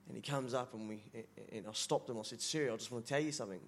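A man's voice: mid-range voice, fast talker. Chatty New man with faint noise. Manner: chatty, laughing, says brother a lot. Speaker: church member asking a question. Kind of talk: casual storytelling.

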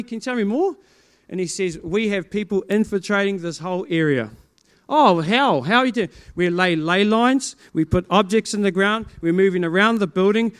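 High, clear-voiced New Zealand pastor. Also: male voice. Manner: animated storytelling, acting out dialogue, bursts of loud exclamation. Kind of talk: preaching testimony to a congregation.

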